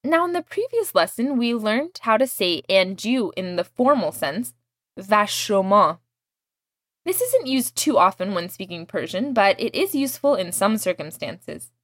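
A woman teaching a language lesson, explaining words patiently and clearly and modeling each one for her student to repeat. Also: medium pitch, very animated, moderate pace, no echo, studio quality.

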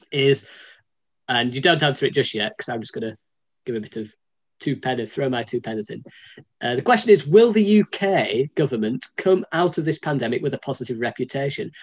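A man from the north of England co-hosting a casual podcast, rambling and joking and often correcting himself. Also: on the high side. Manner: rambling, self-correcting, jokey. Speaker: podcast co-host.

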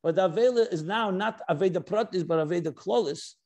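A man with a notably high voice delivers a Torah lecture as a rabbi. He explains step by step, leans hard on key words and slips between English and Hebrew and Yiddish terms, reading quoted passages aloud. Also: fast talker, a little mellow. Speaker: rabbi teaching a class.

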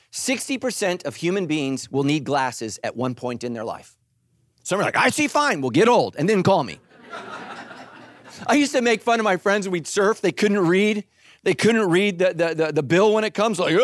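A middle-aged man preaching a sermon, animated and joking, acting out quoted voices. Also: fairly high pitch, no room sound, clean studio sound. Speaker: pastor.

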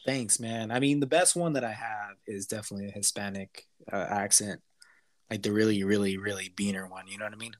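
A man's voice: fairly low pitch, fairly even intonation, brisk, dry recording. A man co-hosting a podcast in laid-back casual chat, joking and poking fun at himself. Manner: laid-back, joking, self-mocking, says "man" and "bro". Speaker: podcast co-host.

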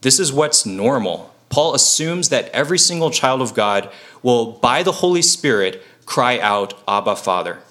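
A man's voice: medium pitch, lively intonation, a little slow, fairly bright tone. A man giving an earnest, conversational Bible teaching, full of fillers and self-corrections. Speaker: preacher.

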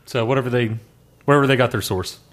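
A man's voice: medium pitch, rapid-fire. A man co-hosting a podcast in casual chat, matter-of-fact. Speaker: podcast co-host.

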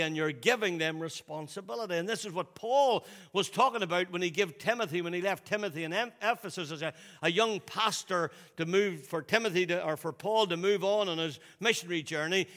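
A pastor's bright, pushed voice moves briskly through a loose sermon, with a long reverb hanging after it. He restarts and repeats words conversationally and goes low for quotes.

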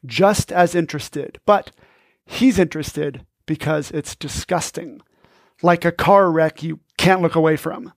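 A man's voice: a little high, unhurried, no room sound. A man hosting a podcast, giving scripted, upbeat, instructive narration into a close mic. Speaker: podcast host.

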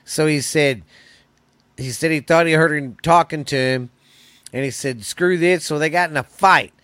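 A man's voice: on the high side, normal speed, fairly bright tone, dry recording. A man hosting a podcast, telling news stories in a loose, profane, rambling way. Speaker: podcast host. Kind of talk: casual podcast chat.

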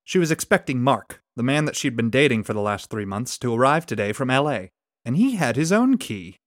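A man narrating a short story aloud from his home, expressive and lively in his delivery. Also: mid-range voice, a little fast, dry recording, clean studio sound. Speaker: story reader and podcast engineer. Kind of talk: scripted narration.

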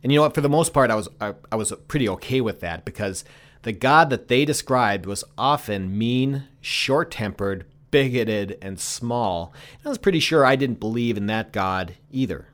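A man's voice: mid-range voice, lively intonation, moderate pace, a bit bright. A man who is a pastor, speaking earnestly and emphatically in a reflective conversation.

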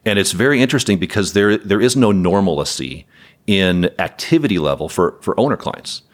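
A man's voice: sits low, expressive, a little fast. A man who runs a property management company, speaking as a podcast guest in a candid, wry way with chuckles. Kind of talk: podcast interview conversation.

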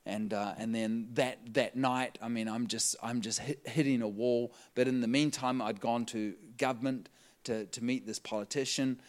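A man delivering a sermon with lively storytelling. His voice sits in an ordinary middle pitch, and he laughs often and lifts his voice as the excitement builds. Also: moderate pace. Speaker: preacher. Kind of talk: sermon storytelling to a live audience.

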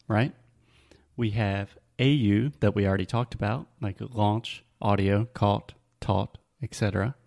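Southern man teaching pronunciation, gravelly. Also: fairly low pitch, mellow. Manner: patient, explains slowly with examples. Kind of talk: casual teaching chat.

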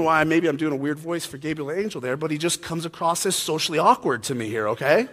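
A man's voice: on the high side, fast, hardly any pauses, a bit bright. A man preaching a casual, joking sermon, chatty and full of fillers. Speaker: pastor. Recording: long hall reverb.

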